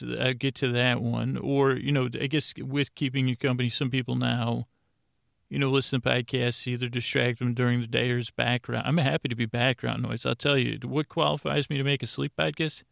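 A man hosting a sleep podcast, rambling and stammering in a deadpan comedic monologue. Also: medium pitch, normal speed, gravelly, no room sound, clean studio sound. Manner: stammering, self-interrupting, deadpan.

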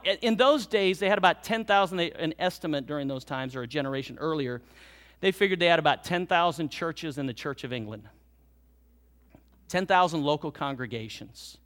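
A man preaching a sermon as pastor, swinging between loud exhortation and hushed, drawn-out lines. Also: high voice. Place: church.

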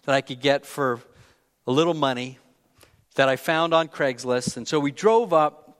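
A man's voice: mid-range voice, normal speed, fairly bright tone, in a large hall. A man preaching a conversational sermon, telling a personal story in a candid, self-deprecating way.

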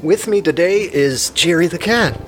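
A man in his fifties hosting a comedy podcast, rambling excitedly and joking. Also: a little high, normal speed, faint music behind. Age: 50s. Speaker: podcast host.

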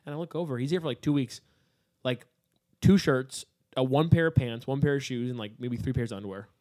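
Fast-talking man podcast co-host. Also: medium pitch, warm tone, no room sound, studio quality. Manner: rambling anecdotes, frequent "like". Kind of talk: casual chat.

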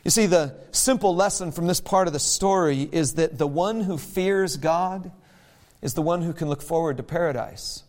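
Male pastor, sermon, high-pitched, animated, dramatizes quotes with big pitch jumps. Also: moderate pace. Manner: conversational and emphatic.

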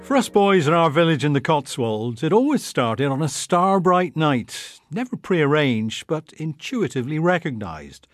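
A man's voice: fairly high pitch, big pitch swings, moderate pace, hardly any pauses, faint music behind. A man giving an evocative literary reading of a childhood memoir. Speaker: reader.

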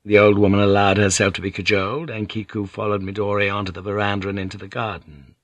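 A man's voice: fairly low pitch, level tone, quick pace, dry recording, lo-fi sound. Dry, close male audiobook narrator. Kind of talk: scripted narration.

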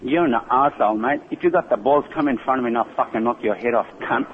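Irate restaurant manager, swearing, heard over a tinny phone line with hiss. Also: male voice, mid-range voice, fast talker. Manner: angry, swearing, insulting.

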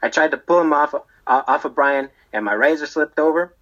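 A man's voice: a little high, a little fast, fairly bright tone, muffled recording. A man playing a rambling jailed barber. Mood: defensive. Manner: rambling, tags lines with "okay?" and "right?". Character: rambling defensive male barber in prison. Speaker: storyteller being interviewed. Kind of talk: comedic character monologue.

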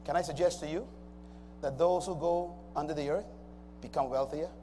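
A man's voice: a little high, normal speed, warm tone, soft background music. A man preaching a sermon, emphatic and calling out to the congregation. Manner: emphatic call-and-response preaching. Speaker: pastor. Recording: long hall reverb, faint noise.

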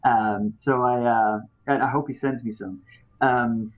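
A man's voice: mid-range voice, fairly even intonation, measured pace. Male podcast guest, rambling storyteller with fillers, tinny phone-like audio. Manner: rambling, many fillers and restarts. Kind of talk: casual storytelling.

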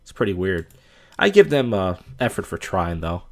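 A man with a somewhat low voice comments casually on clips. His tone is crude and sarcastic. He talks in an offhand, rambling way. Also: very animated, moderate pace. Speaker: reaction video host.

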